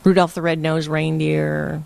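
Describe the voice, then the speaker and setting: An older woman from Hawaii telling lively stories in a casual interview and laughing often. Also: deep voice, measured pace, creaky. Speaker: interview guest. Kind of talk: casual storytelling.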